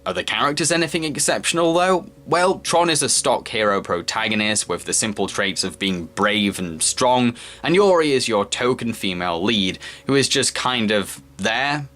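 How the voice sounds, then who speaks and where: A man narrating a scripted film review in a measured, earnest and analytical way, as a voice-over. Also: medium pitch, expressive, a bit bright.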